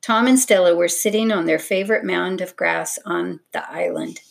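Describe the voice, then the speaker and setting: A woman narrating a children's storybook in a steady, expressive reading voice. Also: lowish voice, normal speed, vocal fry.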